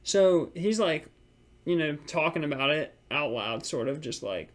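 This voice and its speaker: A man's voice: fairly high pitch, lively intonation, unhurried. A young man co-hosting a podcast, telling a frustrated story about work in a rambling, casual way full of filler words. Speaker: podcast co-host.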